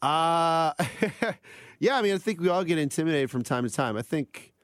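Male radio co-host, hesitant and self-deprecating, laughs often; slightly higher voice, dry close studio sound. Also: expressive, moderate pace, clear, resonant tone, dry recording. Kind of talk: casual radio chat. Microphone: studio microphone.

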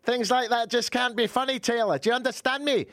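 A man's voice: extremely high pitch, brisk, fairly bright tone, no room sound, clean studio sound, voice pushed up. A man voicing a stern middle-aged Scottish mother who scolds her grown child. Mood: scolding. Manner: scolding, exasperated.

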